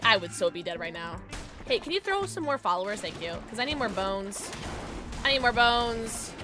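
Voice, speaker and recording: A young woman streaming a game, chatting casually with her viewers and reading chat aloud, bubbly and quick to laugh. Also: mid-range voice, very animated, music in the background. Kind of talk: casual gaming livestream chat.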